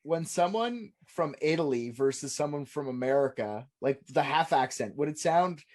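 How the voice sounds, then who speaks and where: A mid-pitched co-host rambles through questions, stopping and restarting with fillers. The talk is loose and casual. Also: animated, normal speed, a little mellow. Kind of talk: casual podcast chat.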